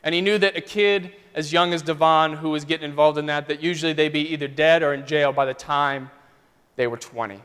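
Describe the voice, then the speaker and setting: A man's voice: a little high, steady tone, fairly quick, a bit bright, clean tone. A male pastor telling a story in a conversational, vivid sermon style, in a church sanctuary. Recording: long church reverb.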